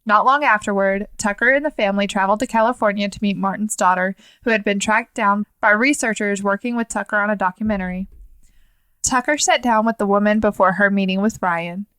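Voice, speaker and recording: A woman's voice: medium pitch, fairly quick, a bit bright, clean tone, no echo. A woman co-hosting a podcast, reading true stories aloud with teasing banter in between. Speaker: podcast co-host. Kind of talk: reading stories, casual chat.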